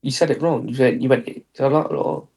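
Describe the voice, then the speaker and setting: A man's voice: medium pitch, fast talker, darkish tone. A man guesting on a podcast, teasing his friend with casual banter, swearing, and mocking impressions.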